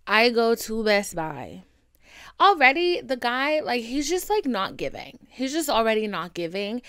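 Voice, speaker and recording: A young woman hosts her own casual solo podcast, venting in a candid, chatty, profane way full of asides. Her mid-range voice is smooth and fairly bright, captured in a dry, clean studio recording.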